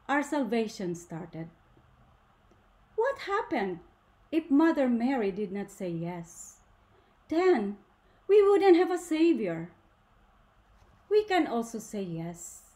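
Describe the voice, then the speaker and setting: A woman delivers a faith talk to a women's gathering, taking her time and leaning hard on each point. Her fairly high voice swings up and down as she stresses words and poses rhetorical questions. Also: dark tone. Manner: deliberate, emphatic, asks rhetorical questions. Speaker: speaker at a women's ministry gathering.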